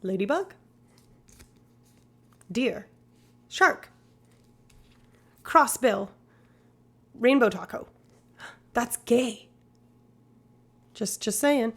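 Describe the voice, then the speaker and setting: A woman's voice: on the high side, drawn-out words, long pauses, a bit bright, breathy edge. A woman streamer in rambling, casual live-stream chat, swearing now and then.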